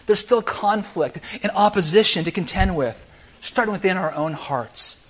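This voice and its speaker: Animated man preaching a sermon. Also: a little high. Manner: animated storytelling, swings from shouting to hushed. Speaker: pastor. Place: church sanctuary.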